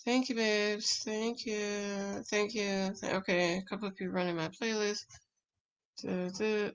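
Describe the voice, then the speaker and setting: A woman's voice: mid-range voice, flat delivery, measured pace, highs cut off, a little hiss or hum. A tired woman hosting a casual live stream, chatting with viewers and reading their comments. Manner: chatty, laughs often, talks to viewers as "babes" and "y'all". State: tired, winding down for bed. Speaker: YouTube host reading live chat.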